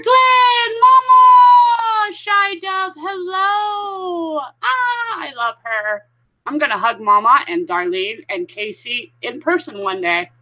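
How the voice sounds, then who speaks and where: A woman's voice: fairly high pitch, a bit bright. A woman hosting a casual live stream, chatting with viewers and greeting them by name. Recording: dull lo-fi sound.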